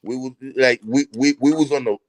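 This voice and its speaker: A man's voice: mid-range voice, steady tone, a little fast, dry recording. Profane man telling street stories. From New York. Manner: profane, street slang, rambling anecdotes. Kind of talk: casual chat.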